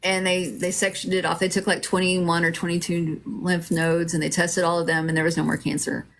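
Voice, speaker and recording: Rambling middle-aged woman, lowish voice. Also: little pitch movement, brisk, few pauses. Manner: rambling, many fillers and restarts. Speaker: host telling her own story. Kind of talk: casual storytelling.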